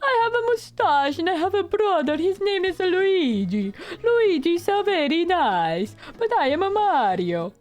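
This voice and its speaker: A woman's voice: very high voice, big pitch swings, unhurried, hardly any pauses, a little mellow, soft background music, voice pushed up, exaggerated voice. A woman voicing a cheery male plumber hero in a broad mock-Italian, bouncy and sing-song. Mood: jolly.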